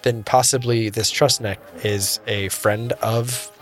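A man's voice: fairly low pitch, fairly even intonation, slow pace, faint music behind. A man playing in a tabletop game, hesitantly describing what his character does. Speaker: player.

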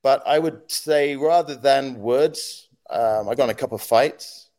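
A man in the guest seat, spinning animated anecdotes at an ordinary pitch. He acts out the voices and noises in his stories and laughs easily, keeping the talk casual and quick. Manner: animated anecdotes, acts out quotes and sound effects, laughs often. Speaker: podcast guest, former news agency head. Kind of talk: casual storytelling interview.

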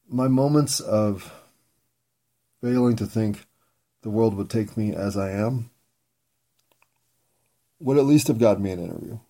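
Slow, rambling man musing to himself. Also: on the low side, mellow. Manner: rambling, pausing, frequent swearing; self-mocking, candid. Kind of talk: reflective personal monologue.

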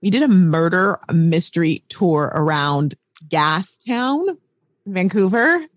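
A woman co-hosting a podcast, chatting in an animated, rambling way. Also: lowish voice, slow pace, no echo, studio quality. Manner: animated, rambling, says y'all. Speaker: podcast co-host. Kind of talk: casual chat.

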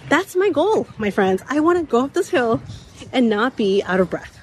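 A woman in her thirties hosting a motivational talk while walking uphill outdoors, a bit out of breath, her voice slightly raspy, repeating key points and laughing often. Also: sits high, big pitch swings, normal speed, slight background noise. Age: 30s. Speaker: podcast host.

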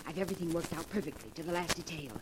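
An actress playing a scheming, ruthless young woman in 1940s radio acting style, sharp and imperious. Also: lowish voice, animated, heavy background noise, lightly acted. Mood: hushed commanding. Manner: sharp, imperious, quick to scorn.

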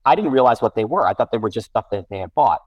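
A man's voice: lowish voice, fast talker, no echo, poor audio. Man telling a rambling family story. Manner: rambling, self-correcting, animated. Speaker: guest parent. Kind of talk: casual storytelling.

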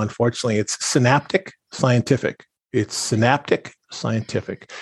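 A man's voice: medium pitch, husky, no room sound, studio quality. A man talking as a podcast guest in a casual, rambling way, with lots of restarts and fillers. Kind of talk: casual conversational interview.

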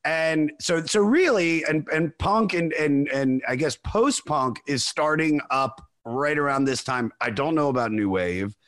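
A man's voice: a little high, unhurried, few pauses, a bit bright. A man hosting a podcast in casual chat, joking and swearing freely. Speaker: podcast host.

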